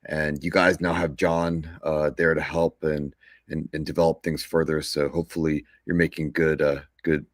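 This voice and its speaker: A man joining as a guest executive, chatting in a relaxed, hesitant way with repeats, speaking over a video call. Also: rumbling low, normal speed, no echo, clean studio sound. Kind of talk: casual interview chat.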